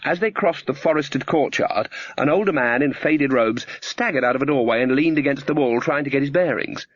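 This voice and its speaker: A man narrating a fantasy audiobook in an even, measured storytelling manner. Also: medium pitch, dry recording, lo-fi sound. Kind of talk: scripted narration.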